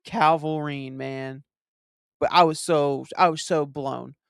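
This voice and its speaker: A man talks over a film in a casual commentary, animated and profane as he retells his own reactions. His voice sits a little high and sounds smooth and clear. The sound is dry, with no room echo. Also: takes it slowly. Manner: excitable, profane, animated storytelling. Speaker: movie commentary host.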